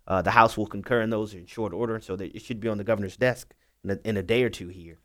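Low-voiced earnest male legal analyst. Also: steady tone, quick pace. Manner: earnest, emphatic explaining. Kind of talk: talk radio discussion.

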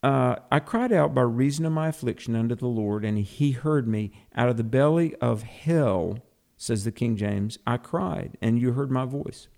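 A man's voice: mid-range voice, normal speed, gravelly, darkish tone. A man co-hosting a conversational Bible teaching, earnest, explaining terms and often repeating words as he starts a thought.

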